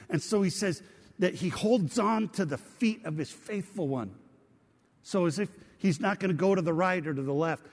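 A man's voice: on the high side, darkish tone, in a large hall. A man preaching a sermon as pastor, reading scripture aloud and drawing the congregation in with questions. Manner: engaging, asks the congregation questions.

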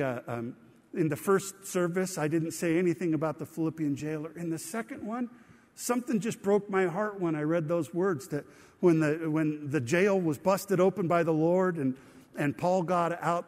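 A man's voice: fairly high pitch, darkish tone, long reverb tail. A man preaching a sermon in a church, talking conversationally and putting questions to the congregation. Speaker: pastor. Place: church sanctuary.

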